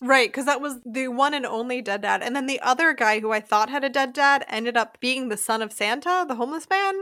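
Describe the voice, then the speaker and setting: Bright-voiced American woman, animated chat. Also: high-pitched, a little fast, dry recording, studio quality. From United States. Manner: animated, exasperated storytelling. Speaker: podcast co-host. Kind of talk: casual chat.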